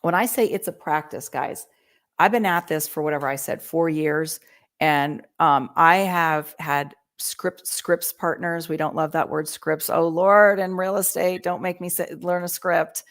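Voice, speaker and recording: A woman talking through communication skills on a podcast, teaching in a lively way and acting out quoted lines. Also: low voice, a little slow. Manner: animated teaching, acts out quoted voices. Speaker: real estate agent. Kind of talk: podcast conversation, coaching.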